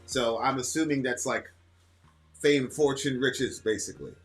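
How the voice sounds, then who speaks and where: A man's voice: medium pitch, measured pace. Rambling man chatting over faint music. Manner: loose, rambling, lots of fillers. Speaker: reaction video co-host. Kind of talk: casual chat, reading lyrics aloud.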